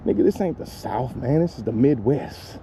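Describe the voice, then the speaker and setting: Vocal fry colors this very animated, medium-pitched male voice, which moves at a moderate pace over background noise. He's a father casually vlogging on a handheld phone during a lakeside park walk, rambling, swearing, and laughing at his own humor.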